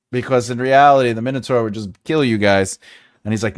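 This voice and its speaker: A man's voice: medium pitch, fairly even intonation, fast, clean tone. A man in his forties hosting a writing channel, chatting casually with viewers, joking and laughing as he rambles through asides. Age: 40s. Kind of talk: casual livestream chat.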